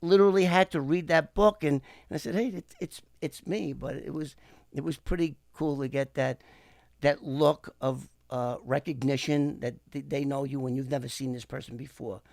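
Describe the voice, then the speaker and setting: This middle-aged man, a former FBI informant appearing as an interview guest, tells a story casually and animatedly, performing the voices of the people in it. His gravelly mid-range voice moves at a moderate pace. The studio sound is clean, with no echo.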